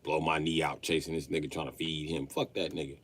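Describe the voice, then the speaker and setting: This livestreamer, a man in his late thirties, rants through comic, foul-mouthed stories and breaks into laughter mid-tale. He speaks in a rumbling low voice, slightly fast, with a faint hiss or hum on the recording.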